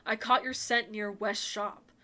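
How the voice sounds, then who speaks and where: A woman's voice: medium pitch, fairly even intonation, unhurried, bright, forceful tone, faint music behind. A woman voicing a brooding, stern male werewolf in a dating game, with a clipped, dry delivery.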